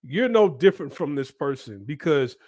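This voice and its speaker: A man's voice: on the high side, big pitch swings, normal speed, a little mellow, no echo, studio quality. A man hosting a commentary channel, giving his opinion in an emphatic, preachy way and often checking in with "right?".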